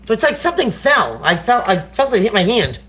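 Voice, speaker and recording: A woman's voice: fairly high pitch, very animated, fairly quick, a bit bright. Casual slangy woman tarot reader. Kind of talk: live tarot reading to viewers. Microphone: phone.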